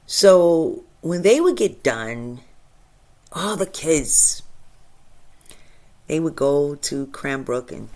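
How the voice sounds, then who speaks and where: Low-pitched lady doing a spiritual talk, emotional, laughs a lot, gets soft then loud. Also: expressive, drawn-out words, long pauses. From Michigan. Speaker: spiritual channel host. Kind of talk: casual inspirational monologue.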